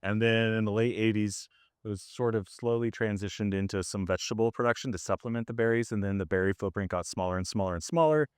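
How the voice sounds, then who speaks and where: Casual, slightly hoarse farmer explaining. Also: male voice, on the low side, fast, a little mellow, dry recording, studio quality. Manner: casual and conversational, with many fillers. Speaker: farmer leading a farm tour. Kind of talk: explaining while walking a group around. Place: outdoors on a farm field.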